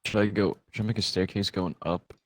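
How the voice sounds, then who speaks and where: Recording with a friend while gaming, a young man with a low, steady voice talks briskly. He spins a long, rambling story packed with swearing.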